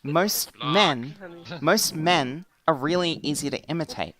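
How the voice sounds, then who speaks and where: Slow, low-pitched woman teaching a class. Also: expressive, crowd noise, rough recording. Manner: instructive, slow and deliberate, demonstrates voices. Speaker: voice acting teacher. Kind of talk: casual class lecture in a virtual world.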